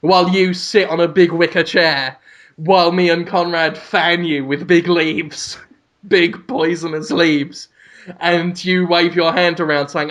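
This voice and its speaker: A man's voice: fairly high pitch, flat delivery, measured pace, fairly bright tone. A man co-hosting a comedic podcast, laying out absurd mock-grand schemes with a straight face. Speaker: podcast co-host.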